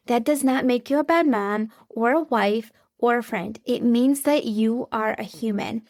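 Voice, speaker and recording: A woman's voice: a little high, measured pace, a little mellow, dry recording, studio quality. Earnest woman hosting a faith podcast. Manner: earnest, conversational, speaks directly to listeners. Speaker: podcast host. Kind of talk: faith-based parenting podcast monologue.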